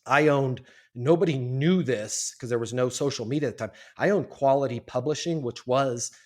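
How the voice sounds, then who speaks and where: A man of fifty, a guest on a podcast, telling his life story in a casual, animated way and acting out the voices of the people in it. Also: mid-range voice, normal speed. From Colorado, US. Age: 50s. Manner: animated storyteller, acts out quoted voices, repeats words.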